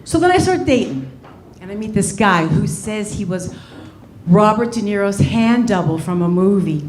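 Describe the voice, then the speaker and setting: Brash, animated young woman comedian. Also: medium pitch, moderate pace, echoey room, a little hiss or hum. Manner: brash, swearing, animated storytelling. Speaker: stand-up comedian. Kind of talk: stand-up comedy set. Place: comedy club stage.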